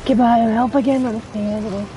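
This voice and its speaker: A woman's voice: a little high, fairly even intonation, very fast, dark tone, soft background music, rough recording. A woman streaming a game, talking to herself casually and swearing often at what happens on screen. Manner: swears a lot, startled exclamations. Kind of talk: casual gameplay commentary.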